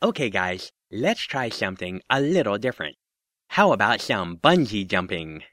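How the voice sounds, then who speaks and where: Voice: medium pitch, big pitch swings, normal speed, fairly bright tone, no room sound, studio quality. A performer voicing a casual, laid-back dude with a drawling manner.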